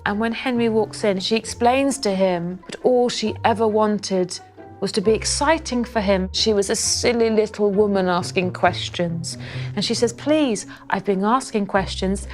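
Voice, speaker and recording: A woman's voice: mid-range voice, moderate pace, darkish tone, faint music behind. A woman telling a comic history story in a rambling, cheeky, casual way.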